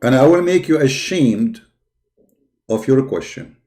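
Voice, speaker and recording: A man's voice: mid-range voice, lively intonation, measured pace, dark tone. A man hosting a live stream, taunting and challenging viewers to call in. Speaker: live stream debate host. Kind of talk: mocking live stream talk.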